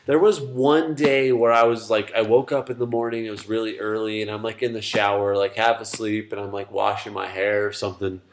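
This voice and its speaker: A man's voice: fairly low pitch, fairly even intonation, fairly quick, hardly any pauses. A young man chatting with friends, telling long, rambling stories full of swearing and laughter. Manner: rambling storyteller, swears freely, laughs often. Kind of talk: casual chat among friends.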